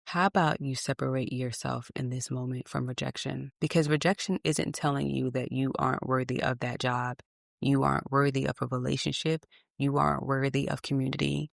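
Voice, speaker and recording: A woman's voice: rumbling low, vocal fry, dry recording, clean studio sound. A woman hosting a reflective solo podcast, talking candidly and emphatically with salty asides. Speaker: podcast host.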